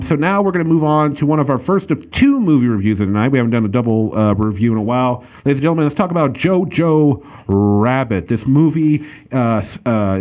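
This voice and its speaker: A man's voice: mid-range voice, a little mellow, muffled recording. A man hosting a casual talk show, reviewing a film with lots of fillers and restarts. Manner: rambling, many fillers and restarts, laughs easily. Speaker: podcast host reviewing a film. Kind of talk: casual chat.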